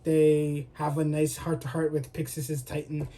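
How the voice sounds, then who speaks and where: A young man co-hosting a podcast, casually recapping anime episodes and acting out the characters' lines in quick voices. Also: a little high, completely flat delivery, mellow. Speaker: podcast co-host.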